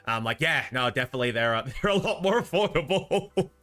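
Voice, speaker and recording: A man's voice: on the high side, lively intonation, a little fast, bright, forceful tone. A young Australian man with an Australian accent, chatting casually on a livestream, rambling and reading out chat messages. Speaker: streamer.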